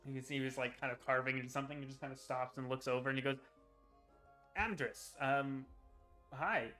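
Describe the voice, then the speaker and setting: A man's voice: mid-range voice, completely flat delivery, very fast, sharp tone, soft background music. A man narrating as game master, laughing often and filling his description with ums and likes. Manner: laughing, filler-heavy narration.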